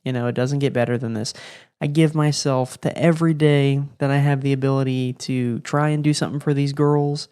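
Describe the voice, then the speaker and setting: A young man hosting a podcast, telling rambling stories in a relaxed, slangy way. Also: mid-range voice, a little fast, clean tone. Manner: laid-back, rambling, slangy with lots of "like" and "bro". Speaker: podcast host. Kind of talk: casual storytelling monologue.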